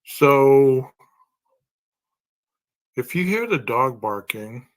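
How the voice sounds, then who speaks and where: A man speaking slowly and deliberately in a true-crime podcast monologue. He reasons aloud, stacking one rhetorical question on another. His voice sits at an ordinary middle pitch. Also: big pitch swings. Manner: poses long strings of rhetorical questions. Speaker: podcast host.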